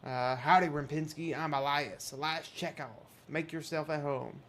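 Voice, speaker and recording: A man voicing a gruff but hospitable rural man with a put-on country drawl. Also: a little high, steady tone, moderate pace, a bit bright, slight background noise. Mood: folksy.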